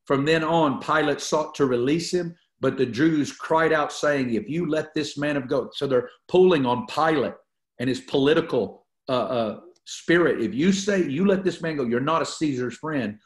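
In an echoey room, a man with a fairly high-pitched voice teaches a Bible study at a moderate pace. His teaching sermon alternates between reading scripture aloud and preaching on it, with phrases repeated for emphasis.

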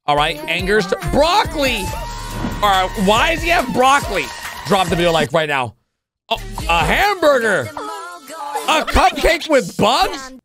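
Wildly animated excitable video reactor. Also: mid-range voice, measured pace. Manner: excitable, exclaims and questions constantly. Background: video clip audio with music.

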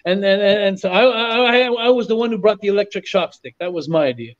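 A lively male storyteller from Canada who is a guest on a podcast, repeating phrases for emphasis. His voice sits high, and the recording is dull and lo-fi. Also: quick pace. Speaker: podcast guest, former wrestler. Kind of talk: animated storytelling. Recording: dull lo-fi audio.

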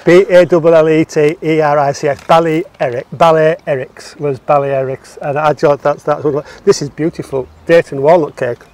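Man co-host, slightly high voice, playful joker, casual outdoor chat. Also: steady tone, fairly quick, hardly any pauses, a little mellow. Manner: jokey, playful, laughs at his own jokes. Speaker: co-host of a walking podcast. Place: outdoors among palm trees.

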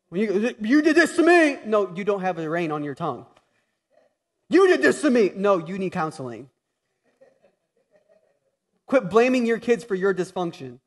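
High-voiced man preaching with swings in volume. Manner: swings between loud emphatic and soft confessional. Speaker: pastor. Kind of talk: sermon.

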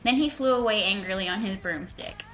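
A woman's voice: mid-range voice, expressive, a bit bright, soft background music. A young woman giving a mocking, dramatic reading of fan fiction, with sarcastic asides. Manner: reads slowly, breaks into laughter and sarcastic asides. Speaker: reader and commentator.

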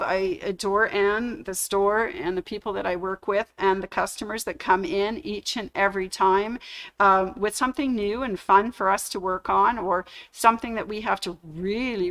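A woman's voice: mid-range voice, pushed and bright. Middle-aged lady giving a store anniversary speech, storytelling, does little voices for people. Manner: storytelling, acts out quoted dialogue. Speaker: store employee giving a tribute. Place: sewing store media room.

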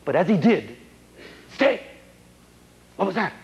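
A man telling a comic melodrama on stage in a theatrical, animated way, on a dull old recording. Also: sits high, takes it slowly. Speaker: stage performer. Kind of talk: comic dramatic storytelling on stage.

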